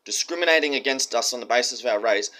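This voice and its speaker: Ranting Australian man, bright forceful voice. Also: medium pitch, fast. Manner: ranting, profane, emphatic. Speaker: commentator. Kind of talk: heated monologue.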